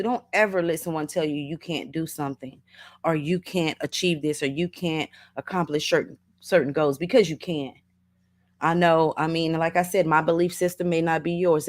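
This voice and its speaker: Chatty woman hosting a livestream, lowish voice. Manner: chatty, reads viewer comments aloud, laughs often; folksy, calls listeners baby and honey. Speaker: livestream host. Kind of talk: casual motivational livestream talk.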